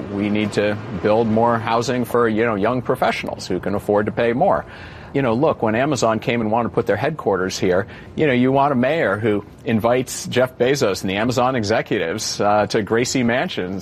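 A man's voice: lowish voice, a little hiss or hum. A man interviewed about the city budget, answering loosely with many fillers and restarts. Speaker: former mayoral candidate, guest. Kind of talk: conversational interview.

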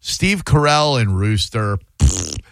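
A man's voice: fairly low pitch, sing-song, slow, vocal fry, a bit bright, no echo, studio quality. A man hosting a podcast, chatting casually and joking sarcastically. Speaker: podcast host. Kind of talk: casual chat.

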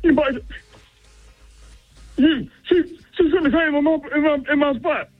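A man voicing a sulky male mutt dog who calls into a radio show, halting and aggrieved, demanding a lawyer. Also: very high-pitched, fairly even intonation, soft background music, voice pushed up. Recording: tinny phone line.

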